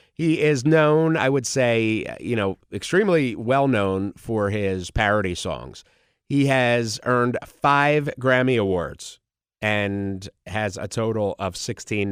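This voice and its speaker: A man with a cold hosts a podcast in a relaxed, unhurried way, his voice nasal and congested. He rambles with eager asides and "you know"s. The sound is smooth and clear, very close and dry. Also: lowish voice, dry recording. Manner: chatty, enthusiastic, many fillers. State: congested, under the weather. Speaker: podcast host. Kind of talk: casual solo podcast talk.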